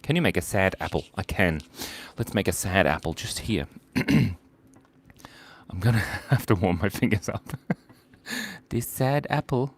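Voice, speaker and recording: A man's voice: lowish voice, expressive, measured pace, long pauses. A playful man chatting casually while drawing on a live stream, reading out viewers' requests.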